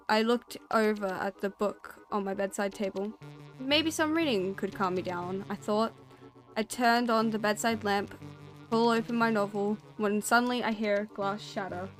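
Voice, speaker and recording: Female streamer, storytelling read with a chatty, self-conscious manner; faint music under her. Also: mid-range voice. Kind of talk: reading a spooky story aloud.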